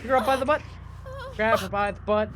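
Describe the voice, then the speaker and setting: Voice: mid-range voice, a little fast, over music. A streamer giving casual live gaming commentary, chatty, self-mocking and swearing freely.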